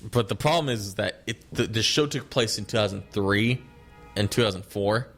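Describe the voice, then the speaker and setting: A man's voice: fairly low pitch, normal speed, fairly bright tone, soft background music. A man co-hosting a podcast in casual chat, rambling and profane, often laughing and restarting his sentences. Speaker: podcast co-host.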